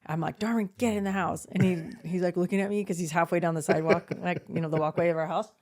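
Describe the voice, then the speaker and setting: A woman's voice: fairly low pitch, level tone, quick pace, a little mellow. A woman in her forties co-hosting a podcast, telling a story in casual chat, acting out the voices of the people in it and swearing freely. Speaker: podcast co-host.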